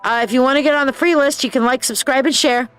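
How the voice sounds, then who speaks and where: Brief: a higher-voiced woman hosting a casual live stream. She reads posts aloud with bold, blunt commentary, over faint music. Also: fast, clear, resonant tone. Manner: animated, blunt and profane, acts out quoted people in voices; calls viewers babe and dear.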